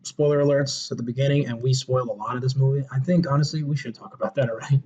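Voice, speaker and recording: A man's voice: medium pitch, very fast, muffled recording. A man hosting a podcast, chatting casually about a movie and acting out scenes with quoted lines. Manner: animated, retells scenes with acted quotes. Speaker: podcast host. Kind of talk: casual movie review chat.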